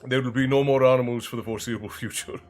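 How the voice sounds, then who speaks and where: A man's voice: medium pitch, fairly even intonation, fast talker, darkish tone, soft background music. A man hosting a casual live stream, chatting loosely with viewers, reading out their messages and thanking them by name. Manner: chatty, reads chat aloud and thanks viewers.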